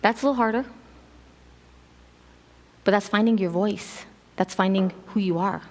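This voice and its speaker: Woman, middle-aged, casual sermon, animated storyteller, medium pitch, long church reverb. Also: moderate pace. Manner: animated storytelling, acts out quotes with laughs. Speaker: preacher. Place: church sanctuary.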